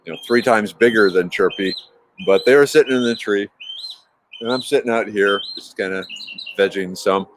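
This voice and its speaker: A man's voice: on the low side, slight background noise. A man hosting a livestream outdoors in his yard, chatting casually and rambling, with easy laughs. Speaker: livestream host reading chat. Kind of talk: casual chat and storytelling.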